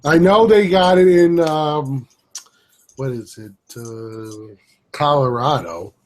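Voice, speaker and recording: Man, collector chat, a touch high-pitched, agreeable, chimes in. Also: slow. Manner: agreeable, chiming in. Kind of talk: casual chat.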